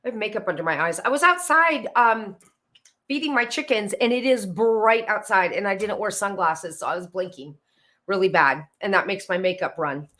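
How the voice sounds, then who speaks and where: A woman in her 50s from Pennsylvania hosts a live decluttering stream from indoors at home, greeting viewers by name and drifting into tangents as she chats. Her mid-range voice sounds pushed and bright, at a moderate pace.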